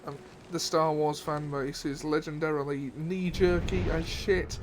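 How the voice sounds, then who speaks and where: A chatty man on a gaming livestream, talking casually and laughing easily. His voice sits a little higher than most men's, with faint noise behind him. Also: little pitch movement, measured pace. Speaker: streamer co-host. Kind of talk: casual gaming stream chat.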